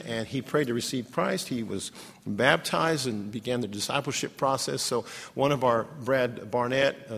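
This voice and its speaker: Guy preaching a story, gravelly and husky voice, big echoey hall. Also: medium pitch. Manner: emotional, halting storytelling with repeated restarts. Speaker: ministry leader telling a story. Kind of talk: sermon storytelling. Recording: echoey hall with long reverb.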